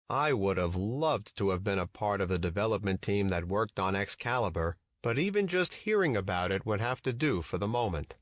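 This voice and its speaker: Deep-voiced man reading a memoir. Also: dry recording. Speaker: audiobook narrator. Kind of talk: scripted first-person memoir narration.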